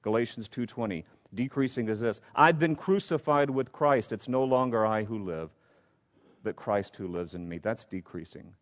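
A man's voice: lowish voice, moderate pace. A man preaching a sermon as pastor, emphatic and repetitive, building to rising questions. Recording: long hall reverb.

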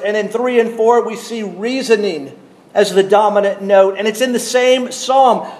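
Measured, emphatic preacher in an echoey room. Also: male voice, high voice, a little mellow. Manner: measured, emphatic delivery with deliberate pauses. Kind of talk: expository sermon.

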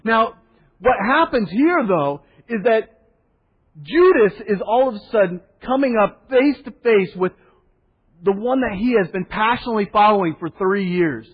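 A pastor preaching a sermon, telling the story with animated voices for the people in it and a soft hush for solemn points. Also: male voice, high-pitched, moderate pace, husky. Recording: dull sound in a hall with long reverb.

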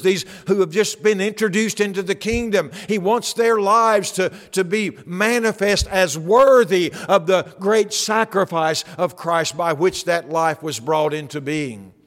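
A man with a fairly high-pitched voice preaching a sermon, talking to the congregation in a conversational way and asking them rhetorical questions. His voice carries a long reverb, as in a large hall. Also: measured pace. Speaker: pastor.

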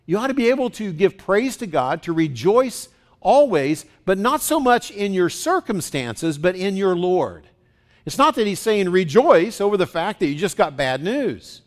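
Pastor guy giving a chatty sermon in church, bit higher voice, keeps asking the room stuff. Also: big pitch swings, moderate pace. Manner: conversational, asks the congregation questions.

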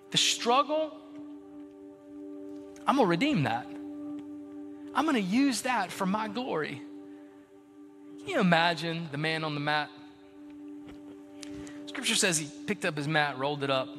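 A man preaching a sermon as a pastor, exhorting energetically and dropping into hushed storytelling. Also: high-pitched, in a large hall.

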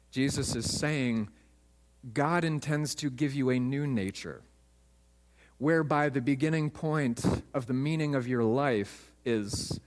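A man's voice: mid-range voice, lively intonation, slow, long reverb tail. A man, a pastor, preaching a sermon with emphatic storytelling in a church.

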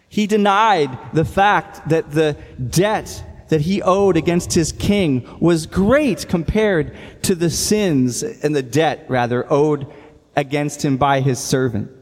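A man's voice: a little high, big-room sound. A man preaching a sermon as a pastor, earnest and reading scripture aloud with emphasis.

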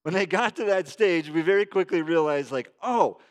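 A man's voice: on the high side, moderate pace. Man preaching a conversational sermon. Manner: conversational, prayerful then animated. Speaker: pastor.

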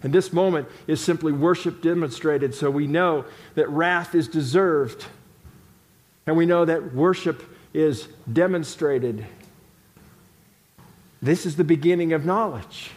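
A man's voice: on the high side, a little slow, darkish tone. A male pastor delivering an emphatic sermon in a church sanctuary, repeating phrases for stress. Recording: long hall reverb.

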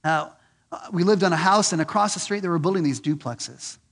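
A man preaching a sermon, earnest and repeating questions for emphasis, swinging from loud and lifted on key points to low and soft. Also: brisk. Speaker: pastor.

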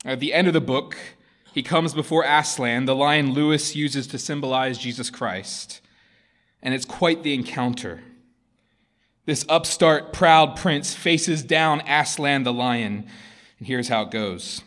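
A man, a pastor, giving a sermon and reading a story aloud with expressive delivery. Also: mid-range voice, unhurried.

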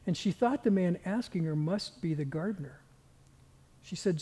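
High-voiced pastor in a reverberant hall. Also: male voice, expressive, normal speed, dark tone, breathy edge. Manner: earnest, at times dropping to a near whisper. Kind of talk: sermon. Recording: long reverb of a large hall.

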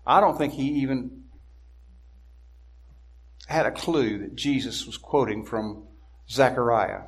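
Deliberate, emphatic male preacher. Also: mid-range voice. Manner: deliberate, emphatic, slows on key words. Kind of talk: expository sermon.

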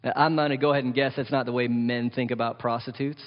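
Animated pastor preaching in an echoing hall. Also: male voice, mid-range voice, fast, hardly any pauses, highs cut off. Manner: animated, asks the congregation questions, wry jokes. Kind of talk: sermon. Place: church hall.

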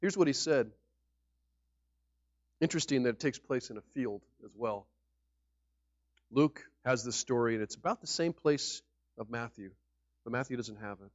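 A man preaching a sermon as pastor, emphatic, with sudden loud peaks on key words. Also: medium pitch, lively intonation, moderate pace, long pauses, no echo. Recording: dull lo-fi recording.

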